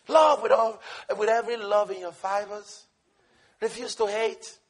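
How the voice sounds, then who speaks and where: A man preaches a sermon with fervor, swinging from shouted peaks to hushed asides and laughing along the way. His voice sits high and he keeps a moderate pace.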